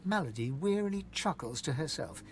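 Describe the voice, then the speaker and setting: A man narrating a video game in a measured, descriptive storybook style. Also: on the high side, animated, faint music behind. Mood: calm.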